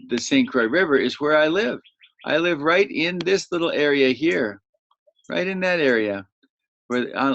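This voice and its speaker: A man's voice: medium pitch, fairly bright tone. A man, teaching young children a vocabulary lesson and patiently repeating each word for them to say back. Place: home near birdsong. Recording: slightly dull, muffled audio.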